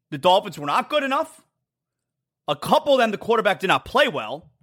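A man's voice: high voice, pushed and bright. A man hosting a sports talk show, delivering an emphatic, blunt monologue that repeats its points and mocks rival teams. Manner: emphatic, repetitive, blunt and mocking.

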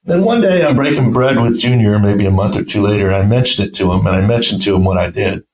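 Low-pitched guy telling a funny work story on his podcast, does little voices for the quotes. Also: fast talker, poor audio. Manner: animated anecdote-telling, acts out quoted voices. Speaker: podcast host, team doctor. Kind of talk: casual storytelling.

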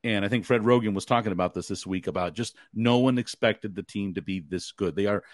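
A middle-aged man co-hosting a sports podcast, telling stories in a lively, joking way. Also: lowish voice, a little fast, no echo, clean studio sound. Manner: animated storyteller, laughs easily. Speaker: podcast co-host. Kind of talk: casual sports podcast chat.

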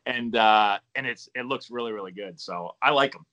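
A middle-aged man from Massachusetts with a softened Boston accent, chatting casually as a podcast guest, easygoing and rambling with lots of fillers. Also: medium pitch, normal speed, lo-fi sound. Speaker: podcast guest, former ballplayer and coach. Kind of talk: casual interview chat.

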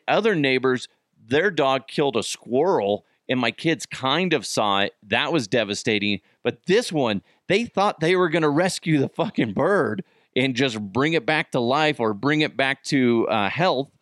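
Animated man telling stories on a podcast. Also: medium pitch, no room sound, clean studio sound. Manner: animated, swearing, laughs while telling stories, acts out quoted voices. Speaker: podcast host. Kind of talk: casual storytelling monologue.

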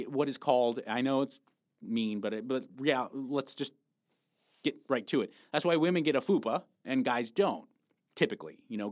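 A man at an ordinary pitch for his sex talks frankly about losing body fat, swearing often and punching his words with emphasis. His delivery is blunt and motivating, as he keeps pushing his listeners to keep going. The recording is close and dry, with no room sound. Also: dry recording. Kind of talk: motivational fitness talk.

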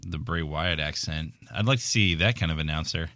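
A man talking casually on a podcast, easygoing but quick to grumble, with plenty of swearing. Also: very deep voice, bright, forceful tone, no room sound, studio quality.

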